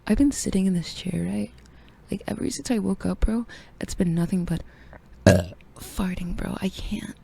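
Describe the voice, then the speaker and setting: A woman's voice: mid-range voice, normal speed, vocal fry, mellow, breathy edge. A young adult woman streamer in casual, crude, joking chat, often half-whispering.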